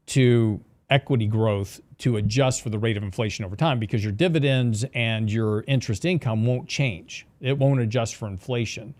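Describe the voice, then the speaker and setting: Man explaining investing in a steady voice. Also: medium pitch. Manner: explanatory, steady, mentions hiccups. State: hiccups. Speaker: show host. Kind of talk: casual finance talk show.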